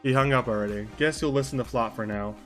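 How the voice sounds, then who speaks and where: A man's voice: medium pitch, fast, a bit bright, soft background music. Young male streamer, casual story narration with rambling asides. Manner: rambling asides, mixes narration with chat comments. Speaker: streamer narrating a role-play.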